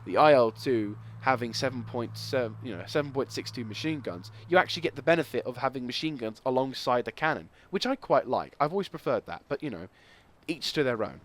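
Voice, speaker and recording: A young man hosting casual game commentary, excitable and rambling, with loud exclamations. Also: medium pitch, a little fast. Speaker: gaming video host.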